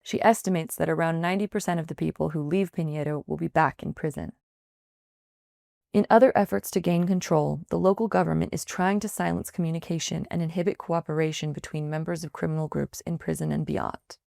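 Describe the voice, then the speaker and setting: A woman reporter reading a written field investigation aloud in a measured, even scripted news narration. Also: low voice, gravelly, no echo, studio quality.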